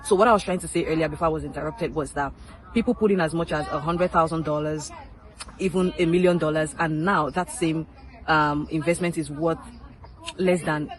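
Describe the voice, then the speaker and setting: A woman's voice: deep voice, fairly even intonation, fairly quick, low-quality recording. A chatty woman vlogging to her viewers, stressing and repeating each point with playful teasing asides. She talks in an easy, unscripted way from a public spot where people pass by. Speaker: crypto vlogger. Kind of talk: casual advice vlog.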